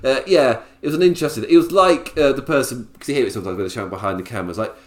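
A man's voice: mid-range voice, very fast. Guy rambling about a wrestling show, laughs a lot, roomy echo. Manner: chatty, laughs often, lots of fillers. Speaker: wrestling podcaster. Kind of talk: casual show review.

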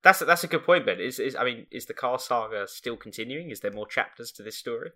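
Man, podcast co-host, very bright voice, teasing quips. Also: medium pitch, animated, fairly quick. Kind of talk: casual chat.

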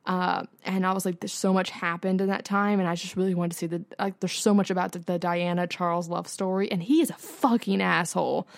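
Her voice is lowish, steady, and gravelly, and she speaks briskly with few pauses and no room sound. She's a young podcast co-host chatting casually, using lots of "like" and swearing often.

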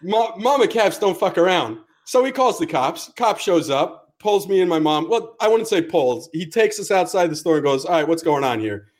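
A man's voice: sits high, expressive, moderate pace, few pauses. A young man from the United States telling a long story on a casual podcast, cursing freely and acting out every line of dialogue. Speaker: podcast co-host.

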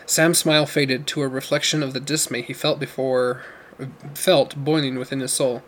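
A man's voice: mid-range voice, fairly even intonation, normal speed, a bit bright, a little hiss or hum. A man narrating a novel aloud in a plain reading voice, with occasional slips and self-corrections. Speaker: audiobook narrator.

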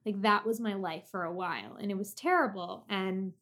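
A woman's voice: medium pitch, moderate pace. A heavily pregnant woman in her thirties, chatting candidly and telling personal stories as a guest. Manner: candid, animated storytelling. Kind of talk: casual chat.

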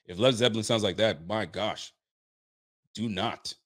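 A sports fan streamer from Nova Scotia, Canada, chats casually with viewers on his livestream, hyped and loose, often repeating himself. His voice is on the low side and fairly bright, with a measured pace.

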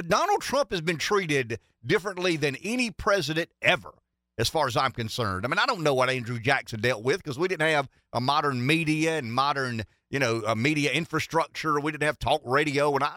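A man's voice: a little high, bright, forceful tone, dry recording, studio quality. A man giving emphatic political commentary on a talk show, stacking rhetorical questions and repeating himself for emphasis.

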